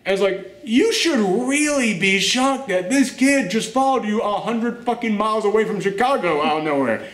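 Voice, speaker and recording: A man hosting a casual movie rant, animated and exasperated, swearing and laughing often. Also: high voice, moderate pace. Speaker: host. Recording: roomy echo.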